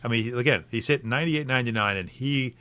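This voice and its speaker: Animated sports radio man, dry sound. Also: mid-range voice, fast talker, no echo. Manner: animated, fond of rhetorical questions. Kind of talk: sports talk radio chat.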